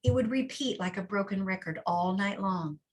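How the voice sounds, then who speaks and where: Woman guest, chatty storyteller, mid-pitched, frequent restarts and asides. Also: normal speed. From Texas. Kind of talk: storytelling interview.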